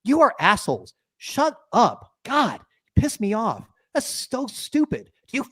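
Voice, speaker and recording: A man putting on the voice of complaining race team bosses, in a high mocking whine. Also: expressive, brisk. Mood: indignant.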